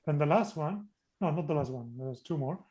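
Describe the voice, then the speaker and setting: Mellow-voiced man teaching a class. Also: on the high side, expressive, brisk, lo-fi sound. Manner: patient, coaxing, switches between two languages. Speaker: Spanish teacher. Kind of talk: teaching an online group class. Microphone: video call.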